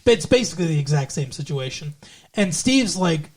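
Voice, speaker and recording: A man's voice: a little high, sing-song, fairly quick, a little mellow. A man co-hosting a podcast, recapping a TV episode in loose, profane, rambling casual chat. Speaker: podcast co-host.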